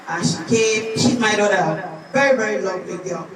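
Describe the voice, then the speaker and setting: A woman's voice: mid-range voice, moderate pace, a crowd in the background. A woman teacher giving an earnest conference lecture, telling a personal story from her school. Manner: earnest, storytelling, acts out quoted voices. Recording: echoey hall, distant mic, audience.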